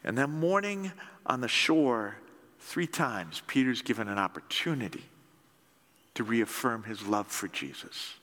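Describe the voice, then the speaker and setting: Male pastor preaching, lively storytelling, slow and deliberate, bright voice, long hall reverb. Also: mid-range voice. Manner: animated, conversational storytelling. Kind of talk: sermon.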